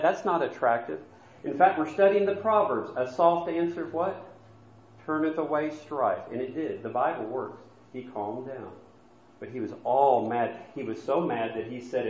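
Speaking at a middle pitch, a man preaches a sermon in a church sanctuary, telling his congregation a story with earnest conviction. Every so often he slips into a hushed aside. The recording has a dull, roomy quality.

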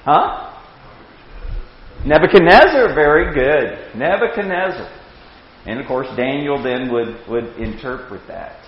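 A man in his sixties teaching a Bible class with anecdotes, animated, chuckling and repeating words as he starts sentences. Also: mid-range voice, unhurried. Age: 60s. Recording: echoey hall, dull lo-fi sound.

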